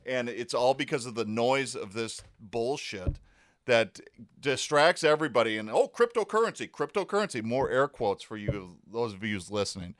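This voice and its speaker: A man's voice: mid-range voice, fairly bright tone, no echo, studio quality. A man hosting his own podcast, ranting in a sarcastic, worked-up way and swearing often. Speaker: podcast host. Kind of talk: casual ranting commentary.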